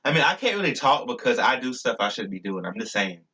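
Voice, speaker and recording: Young man, YouTuber, bright forceful voice, rambling and stumbling casual vlog talk. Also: mid-range voice, very animated, quick pace, breathy edge. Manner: rambling and stumbling, with fillers and restarts.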